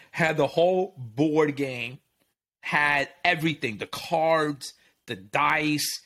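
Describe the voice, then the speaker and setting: A man's voice: fairly high pitch, takes it slowly, sharp tone. A man and military veteran, chatting casually and telling a long story in a laid-back, profane way, laughing often. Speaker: podcast co-host and veteran.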